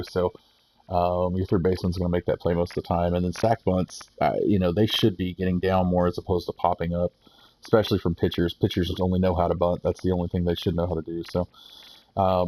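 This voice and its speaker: Deep-voiced guy rambling over patch notes. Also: warm tone, rough recording. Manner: rambling, many restarts and fillers. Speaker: gaming YouTuber. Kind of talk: casual commentary reading patch notes.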